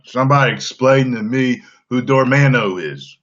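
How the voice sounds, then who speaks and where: A man's voice: mid-range voice, fairly even intonation, normal speed, a bit bright. A man hosting a casual livestream, answering chat comments bluntly, swearing and laughing often. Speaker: livestream host. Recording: dull lo-fi livestream audio.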